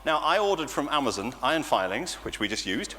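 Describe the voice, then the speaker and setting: A man with an English accent leading an all-age church talk for children, animated and playful, often laughing. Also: medium pitch, fairly quick. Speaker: church leader. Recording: church reverb with faint noise.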